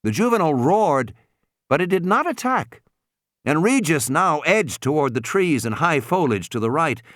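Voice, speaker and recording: A man narrating an audiobook with energy, his pitch swinging freely through the story. The sound is close and dry, with no room around it. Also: sing-song, normal speed, fairly bright tone, no room sound.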